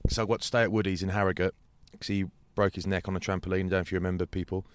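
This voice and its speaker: Brief: podcast host, low-pitched, slangy storyteller, dry close sound. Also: male voice, level tone, racing, smooth, dry recording. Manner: rambling storyteller, swears, slangy. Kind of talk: casual anecdotal chat.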